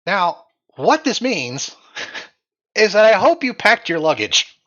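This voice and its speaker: A man acts as game master for a tabletop game on a live stream, goofy, animated and laughing often. His voice sits high and he speaks slowly, through a slightly dull mic.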